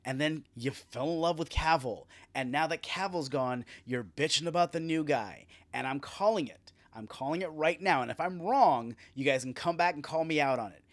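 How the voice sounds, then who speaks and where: A man's voice: on the high side, expressive, moderate pace, few pauses. A man hosting a solo podcast, ranting with sarcasm and a lot of swearing. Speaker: podcast host.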